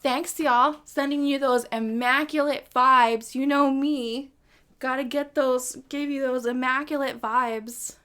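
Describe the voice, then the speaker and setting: A woman's voice: sits high, fairly even intonation, slow, a bit bright, smooth. A woman hosting a live music stream, chatting in a bubbly, giggly, rambling way between songs. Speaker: host and singer-songwriter. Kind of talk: casual livestream chat between songs.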